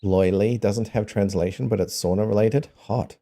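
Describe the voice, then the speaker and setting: A man's voice: on the low side, steady tone, normal speed, dark tone. A man with a New Zealand accent chatting casually with viewers, playfully sounding out foreign words and laughing often. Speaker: streamer.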